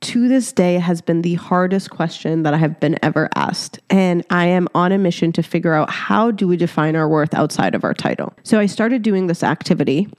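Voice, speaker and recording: A woman in her thirties, born in Egypt, hosting a solo podcast and telling a story in a lively, chatty way with frequent laughter. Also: on the low side, normal speed, hardly any pauses, no echo, studio quality. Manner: animated storytelling, laughing often, casual swearing; talks directly to listeners as "your girl". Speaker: podcast host.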